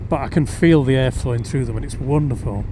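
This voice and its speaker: A man's voice: mid-range voice, quick pace, warm tone. A man, chatting wryly as he rides a motorbike and recording through a helmet mic. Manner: chatty, wry, rambling asides. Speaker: motorcycle vlogger. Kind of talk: casual ride commentary. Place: riding a motorcycle outdoors on roads. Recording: clear road and engine noise behind.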